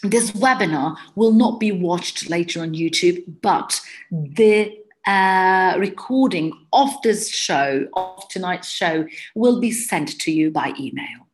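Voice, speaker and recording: A woman's voice: fairly low pitch, slow. British woman hosting an exam webinar. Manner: conversational, answers chat questions as they come in. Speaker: IELTS webinar presenter and teacher. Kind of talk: live webinar presentation with Q&A.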